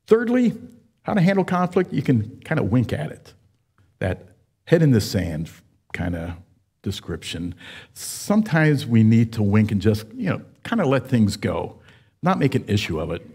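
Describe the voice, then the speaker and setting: A man in his seventies preaching a sermon, telling folksy stories with frequent pauses and fillers. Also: mid-range voice, big pitch swings, darkish tone, breathy edge. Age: 70s. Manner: folksy storytelling, with many uh fillers. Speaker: pastor.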